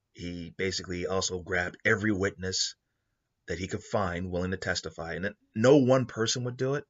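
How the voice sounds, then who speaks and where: A man with a very low but bright, forceful voice tells a story pitch in a loose, rambling style. The sound is dull and lo-fi. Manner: rambling, with many fillers and restarts. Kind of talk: casual spoken story pitch. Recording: dull lo-fi recording.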